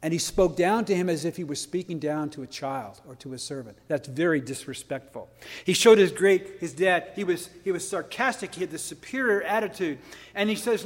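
A man's voice: a little high, expressive, normal speed, in a large hall. A man preaching a sermon, earnest and emphatic, stumbling into restarts and asking rhetorical questions.

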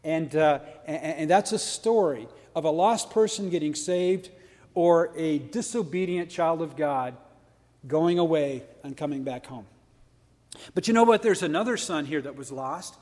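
A man's voice: on the high side, big-room sound. A man preaching a sermon, earnest and emphatic, stumbling into restarts and asking rhetorical questions.

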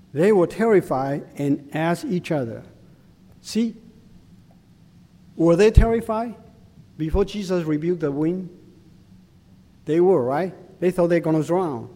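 Slow-speaking man preaching in a hall. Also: on the high side, dark tone. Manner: slow, deliberate preaching in simple non-native English. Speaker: pastor. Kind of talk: sermon. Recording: long hall reverb.

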